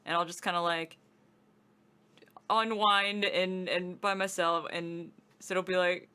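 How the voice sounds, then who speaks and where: A woman's voice: on the low side, steady tone, unhurried, bright, forceful tone, smooth. A young woman co-hosting a gaming video, telling giggly, chatty stories and acting out both sides. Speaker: co-host of a gaming channel. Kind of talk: casual let's-play chat.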